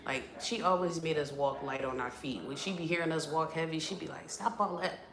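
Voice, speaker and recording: Low-voiced woman chatting casually on stream. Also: brisk, crowd noise. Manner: animated, profane, playful complaining. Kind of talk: casual live-stream chat. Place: apartment room indoors. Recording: echoey room.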